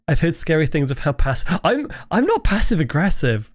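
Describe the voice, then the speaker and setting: A man's voice: a little high, no echo, clean studio sound. Rambling British man streaming at home. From Britain. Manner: rambling, self-interrupting, swears and laughs easily. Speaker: livestream host. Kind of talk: casual livestream chat. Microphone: desk microphone.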